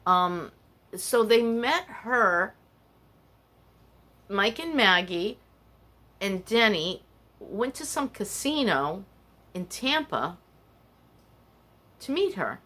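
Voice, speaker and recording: A woman's voice: mid-range voice, sing-song, extremely slow, long pauses, bright, forceful tone. An older woman hosting a casual podcast, rambling and candid as she tells stories and confides her feelings. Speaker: podcast host. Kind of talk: casual personal chat.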